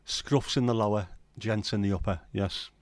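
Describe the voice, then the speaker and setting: Man, middle-aged, livestream host, casual rambling banter, swearing, low-pitched, dry close sound. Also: steady tone, normal speed, no room sound. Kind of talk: casual late-night livestream chat.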